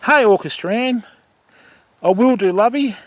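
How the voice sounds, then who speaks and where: An Australian man in middle age talks easily while he fishes outdoors, his voice sitting a little high for a man. He chats with his viewers as he casts, answering them by name and calling them mate. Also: unhurried, a little hiss or hum. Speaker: fishing livestream host. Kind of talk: casual livestream chat while fishing. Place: outdoors by the water.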